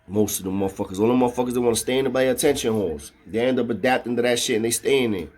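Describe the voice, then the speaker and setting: A man's voice: mid-range voice, rapid-fire, a little mellow. A man tells a long story in a loose, casual way. His talk is full of slang and swearing, and he keeps checking in with his listener as he goes. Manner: slangy and profane, with frequent "know what I mean".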